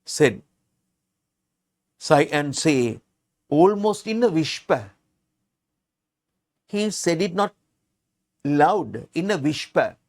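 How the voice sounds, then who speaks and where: Male English teacher, slightly high voice, unhurried, repeats words, restarts sentences, patient explaining. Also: sing-song, darkish tone. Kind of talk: language lesson, reading and explaining a story.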